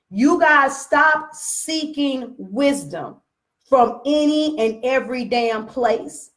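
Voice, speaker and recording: A woman's voice: high-pitched, lively intonation, slow. A woman business coach giving a blunt, profane, preachy talk and addressing her viewers directly. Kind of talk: live motivational rant.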